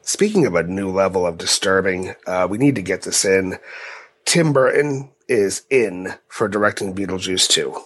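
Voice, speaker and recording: A man co-hosting a casual podcast, his voice sitting on the low side. He talks haltingly, doubling words and restarting sentences as he works his thoughts out. The pace stays easy and conversational. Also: animated, fairly bright tone, breathy edge. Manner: halting, with frequent word repeats. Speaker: podcast co-host.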